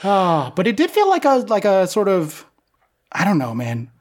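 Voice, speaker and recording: Young male co-host, slightly high, loose and excitable, swears in casual chat. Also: normal speed. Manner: excited, swears freely, rambling fan talk. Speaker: podcast co-host.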